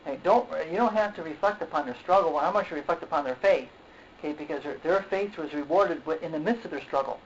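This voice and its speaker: A man delivers a sermon in a halting, repetitive way, often stopping to say okay and to clear his throat. His voice sits a little high for a man. The recording is dull and lo-fi, with a faint hiss behind it. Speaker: preacher.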